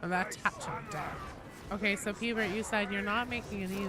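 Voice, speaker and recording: A woman's voice: medium pitch, normal speed. A woman streaming a game, chatting casually with viewers, joking and swearing in sudden outbursts. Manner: excitable, swears a lot, jokey. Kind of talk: casual gameplay chat.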